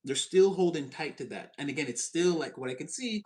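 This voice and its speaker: A man giving a casual, animated tarot reading, chatty and expressive and quick to laugh. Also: fairly high pitch. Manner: animated, chatty, swings into voices, laughs often. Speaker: tarot reader.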